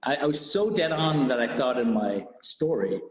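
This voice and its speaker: A man's voice: mid-range voice, lively intonation. Man telling his story in an echoey room. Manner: candid, halting, with many restarts. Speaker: police officer. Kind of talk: personal story in an interview. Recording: echoey room with long reverb.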